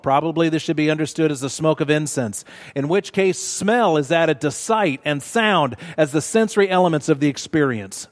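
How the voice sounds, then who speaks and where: A man preaching a sermon in a church, measured and emphatic, repeating words for stress. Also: a little high. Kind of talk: sermon teaching. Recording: long reverb of a large hall.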